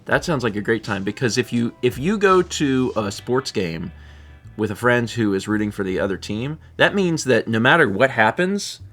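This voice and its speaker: A man's voice: medium pitch, sing-song, normal speed, fairly bright tone, faint music behind. A man co-hosting a live stream, chatting casually and reading out viewer messages with a laid-back manner and frequent chuckles.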